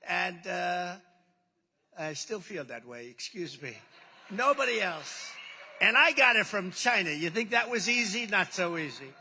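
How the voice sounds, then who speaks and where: Bright, boastful man in an echoing hall. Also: sits high, expressive, unhurried, a little hiss or hum. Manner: rambling, boastful, repeats himself for emphasis. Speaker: political speaker at a rally. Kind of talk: off-the-cuff rally speech. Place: large indoor exhibition hall. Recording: long hall reverb, amplified.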